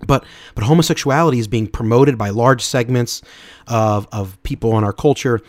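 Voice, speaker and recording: A man's voice: medium pitch, moderate pace, dry recording. A man hosting a podcast, giving an earnest, unscripted Bible teaching talk and often restarting and repeating words. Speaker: podcast host.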